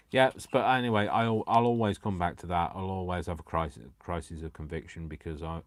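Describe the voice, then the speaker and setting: A man's voice: sits low, brisk, few pauses, slight background noise. A man hosting a live crafting stream, chatting casually and making fun of himself as he cuts paper. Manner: chatty, self-mocking, jokes to himself and the viewers. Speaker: crafting channel host.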